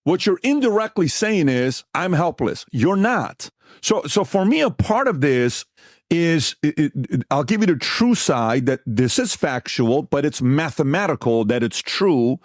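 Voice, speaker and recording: A middle-aged man hosting a podcast, telling stories in an animated, emphatic way, repeating himself and acting out dialogue. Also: a little high, no room sound, studio quality. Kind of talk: animated storytelling chat.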